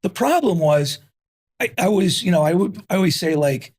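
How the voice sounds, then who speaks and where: A husky-voiced man in his fifties from New Jersey, a guest on an interview show. He tells his story in an energetic, punchy way, driving points home with repeats. His voice sits a little high for a man. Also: moderate pace. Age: 50s.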